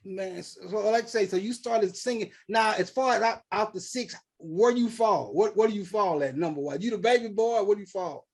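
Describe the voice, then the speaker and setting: A man's voice: sits high, brisk, few pauses, husky. A middle-aged man from St. Louis hosting a casual interview, telling stories with acted-out quotes and frequent laughter. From St. Louis, USA. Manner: animated storyteller, acts out quotes, laughs often. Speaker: podcast host.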